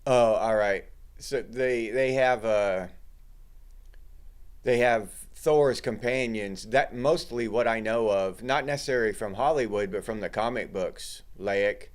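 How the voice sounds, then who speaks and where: A man's voice: fairly low pitch, unhurried. A middle-aged man hosting a casual livestream, chatting loosely and greeting viewers in the chat. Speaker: livestream host.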